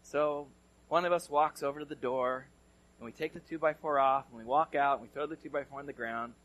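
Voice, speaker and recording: A medium-pitched male pastor from California preaches at a fairly quick pace with fairly even intonation, heard in lo-fi sound. He tells a story in a conversational manner, his delivery swinging between loud and hushed.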